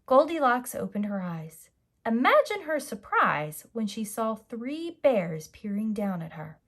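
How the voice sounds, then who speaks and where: A woman reads a children's storybook aloud as a preschool teacher, her voice set a little high. She speaks gently and straight to the young listeners, with lively, swinging intonation. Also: measured pace.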